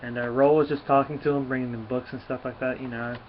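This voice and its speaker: A man's voice: medium pitch, little pitch movement, fast. A man giving a casual, rambling comic book review, with many fillers and restarts. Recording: dull lo-fi recording, faint hiss.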